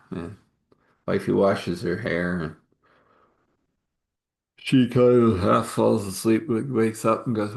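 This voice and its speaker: A man with a low, gravelly voice spins a homespun tale, rambling along and filling pauses as he goes. The sound carries the ring of an echoey room around him. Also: fairly even intonation, a little mellow. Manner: rambling, homespun, with many fillers. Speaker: storyteller. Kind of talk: casual spoken storytelling.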